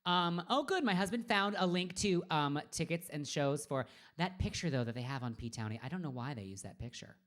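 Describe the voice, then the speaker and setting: A woman's voice: deep voice, animated, brisk, hardly any pauses. A woman in her forties chatting casually on a live stream as a drag performer, rambling and trailing off into murmurs and whispers. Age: 40s.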